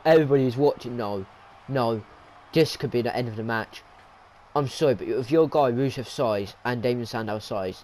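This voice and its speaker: A young man giving excited, rambling play-by-play commentary over a wrestling video game, pleading with the action on screen. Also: medium pitch, brisk. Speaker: gaming commentator.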